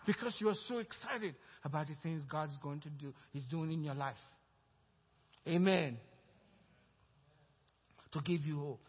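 A pastor preaching a sermon, rising into loud emphatic passages and calling out to the congregation for responses. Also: male voice, on the high side. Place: church. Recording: reverberant church hall, dull lo-fi sound.

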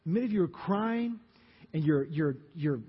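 A man with a Louisiana accent preaches a lively sermon, firing questions out to his congregation. His voice sits high and has a husky edge. The audio is dull and carries a long reverb from a large sanctuary. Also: moderate pace. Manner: animated, asks the congregation questions. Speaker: pastor. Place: church sanctuary.

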